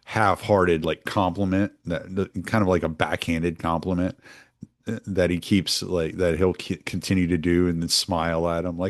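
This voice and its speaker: A man's voice: low-pitched, flat delivery, normal speed, no room sound, studio quality. A man hosting casual political commentary, rambling with lots of fillers and restarts. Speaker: host.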